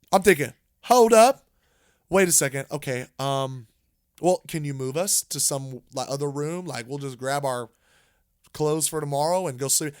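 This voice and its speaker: A man co-hosting a podcast, telling a story in a casual, animated way, with frequent restarts and repeated words. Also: mid-range voice, slow, long pauses, clean tone. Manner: animated, rambling with many restarts. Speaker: podcast co-host.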